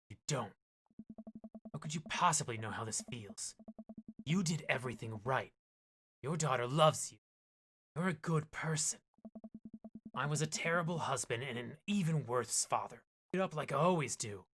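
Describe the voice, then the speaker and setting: A woman's voice: rumbling low, expressive, measured pace, long pauses, a bit bright, faint music behind, exaggerated voice. A woman reading a guilt-ridden, despairing widowed father in a game, in an anguished, self-pitying way.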